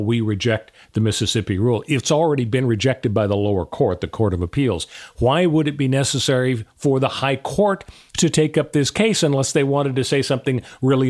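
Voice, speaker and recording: A man co-hosting a legal talk podcast, laying out options step by step with many "uh" fillers. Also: mid-range voice. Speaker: podcast co-host, lawyer. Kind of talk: casual legal discussion.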